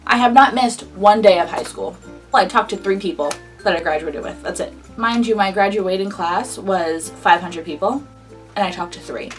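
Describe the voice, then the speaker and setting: A woman in her early twenties telling a casual storytime, animated and indignant, swearing freely. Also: mid-range voice, normal speed, far from the mic, soft background music. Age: early 20s. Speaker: vlogger.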